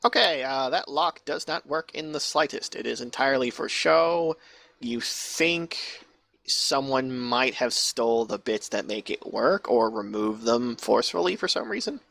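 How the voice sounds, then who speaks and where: A man's voice: mid-range voice, expressive, unhurried, gravelly, a bit bright, dry recording. A man narrating a tabletop game as game master, casual and rambling, swearing freely.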